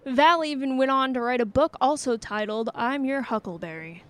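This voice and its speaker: A woman's voice: high voice, normal speed, fairly bright tone. A woman hosting a trivia quiz, reading out questions and answer choices with playful banter and frequent laughter. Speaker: trivia game host.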